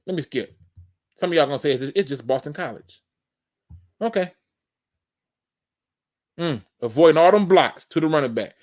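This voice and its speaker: A man's voice: a little high, lively intonation, normal speed, pauses often, darkish tone. A man hosting a live sports talk show, emphatic and fired-up, breaking down game film and talking straight to his audience. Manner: addresses the audience as "y'all". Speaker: host.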